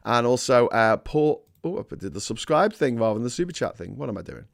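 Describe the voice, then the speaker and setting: A man's voice: mid-range voice, sing-song, a little fast, vocal fry. A man hosting a casual livestream, rambling and self-deprecating, full of fillers and restarts. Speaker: host.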